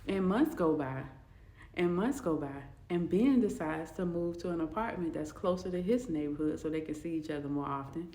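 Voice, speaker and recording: A woman casually telling a storytime, with animated, expressive asides. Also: fairly low pitch, moderate pace. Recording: roomy echo.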